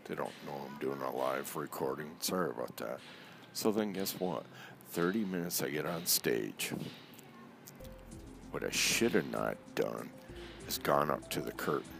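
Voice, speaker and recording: A man telling a personal story in a casual, animated way, acting out the voices of people he quotes. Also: a bass voice, measured pace, gravelly, music in the background.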